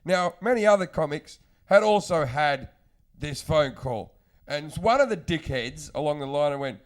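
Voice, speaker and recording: A comedian man spins a crude, rambling story in casual podcast chat. His voice sits a little higher than most men's. He acts out each quoted line as he goes. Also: lively intonation, unhurried. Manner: crude, rambling anecdotes with mimicked quotes and laughs.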